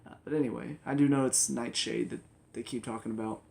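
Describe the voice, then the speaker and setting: A man's voice: medium pitch, steady tone, a little fast, gravelly, a little mellow. A man giving a casual video review of TV episodes, chatty and rambling, with an enthusiastic way of talking. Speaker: TV review vlogger.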